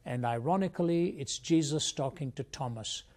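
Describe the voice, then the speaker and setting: A man's voice: fairly high pitch, normal speed, a little mellow. An older man from India, a Christian apologist, telling his life story as an interview guest in an earnest, reflective way.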